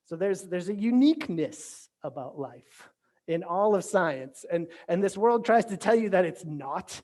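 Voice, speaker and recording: A man's voice: sits high, animated, measured pace, darkish tone. A male pastor delivering a casual virtual sermon. He talks in a loose, conversational way, with frequent restarts and little check-ins to his listeners. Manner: conversational, lots of "right?" and restarts. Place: church or home, virtual sermon.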